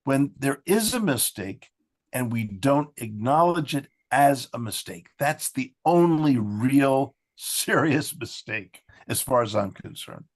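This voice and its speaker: A man's voice: mid-range voice, expressive, slow. A man who is a guest on an online discussion, speaking frankly with some banter.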